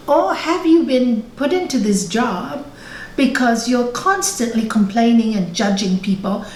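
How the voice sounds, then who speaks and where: A woman giving a spiritual talk and telling a parable, slow and emphatic, checking in with her listeners, over a video call. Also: mid-range voice, darkish tone, roomy sound, a little hiss or hum, poor audio. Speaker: spiritual teacher.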